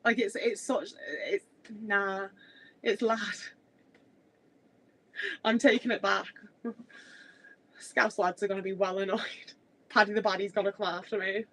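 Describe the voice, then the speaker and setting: A woman's voice: mid-range voice, level tone, a little slow, long pauses, poor audio. Chatty woman streamer. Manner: chatty and rambling, full of "like" fillers. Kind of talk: casual livestream chat.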